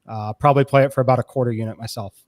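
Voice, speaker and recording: A man giving betting analysis in a quick, matter-of-fact way. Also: medium pitch, fairly even intonation, no echo.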